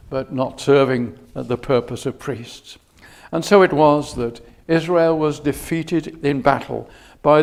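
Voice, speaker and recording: A man preaching a sermon in a chapel, measured and unhurried, often hesitating with fillers and restarts. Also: fairly high pitch, creaky, darkish tone.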